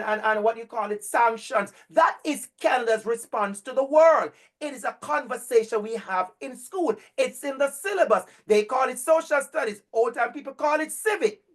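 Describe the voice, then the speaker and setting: Man, middle-aged, educator, animated storyteller, emphatic repetition, video call. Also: very high-pitched. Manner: animated, emphatic, repeats phrases for effect. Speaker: educator and speaker. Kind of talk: storytelling talk to an online audience.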